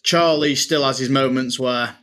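Chatting on a relaxed podcast he co-hosts, this man laughs his way through stories and keeps addressing his co-host as "mate." He has a mid-range, slightly bright voice with a steady tone and a measured pace.

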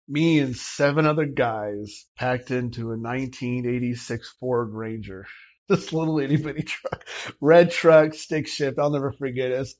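Animated man telling a story. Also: medium pitch, lo-fi sound. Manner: animated, acts out dialogue from the story. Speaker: interview guest telling his story. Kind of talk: casual personal storytelling.

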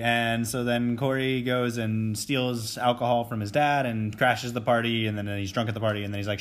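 Guy podcast cohost doing the recap, wry and blunt, swears a lot, mid pitched. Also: brisk, few pauses. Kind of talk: casual chat.

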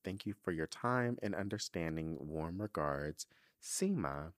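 A man's voice: low-pitched, lively intonation, a little slow, no room sound, studio quality. A man hosting a podcast, reading out a listener letter and reacting with emotional, dramatic asides. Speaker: podcast host.

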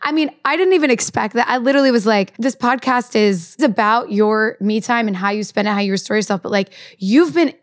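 A woman's voice: fairly high pitch, fairly quick, hardly any pauses. A woman hosting a podcast interview, gushing and chatty, peppering her talk with "like" and "I love that.". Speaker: podcast host. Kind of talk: casual interview chat.

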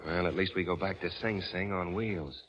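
An actor playing a brash, wisecracking American army sergeant, in a 1940s radio drama. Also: male voice, low voice, fairly even intonation, normal speed, dull audio, over loud music, natural voice. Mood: gruff. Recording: old radio recording with faint hiss.

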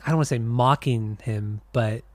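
A man's voice: medium pitch, normal speed, darkish tone, no echo. Laid-back rambling podcast co-host man. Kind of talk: casual chat.

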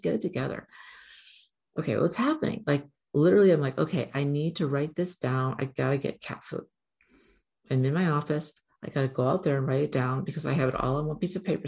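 A woman's voice: low-pitched, vocal fry, a little mellow. A middle-aged woman vlogging in a rambling, candid way, swearing casually now and then. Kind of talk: casual spiritual vlog.

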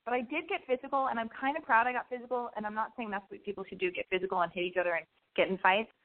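A woman spins a comic story in a rambling, animated way, tripping over restarts and side remarks. Her voice sits a little high. The sound is narrow and tinny, as if heard over a phone line. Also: racing.

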